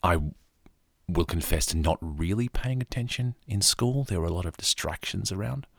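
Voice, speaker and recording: An Australian man narrating a story in a calm, soft-spoken way for a podcast, with casual asides. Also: low voice, normal speed, gravelly, no echo, clean studio sound.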